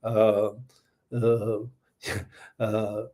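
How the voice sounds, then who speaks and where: A man's voice: lowish voice, monotone, drawn-out words, warm tone. A man of seventy with a Georgia Southern accent, chatting on a casual livestream in a rambling, folksy way, thanking viewers and trailing off with many uhs. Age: 70s. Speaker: livestream host.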